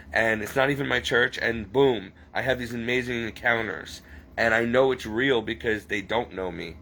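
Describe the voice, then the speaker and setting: A man with a gravelly, creaky voice talks through a personal confession. His speech is rambling and halting, often near tears, with a faint hiss of noise behind him. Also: mid-range voice, fairly bright tone, poor audio.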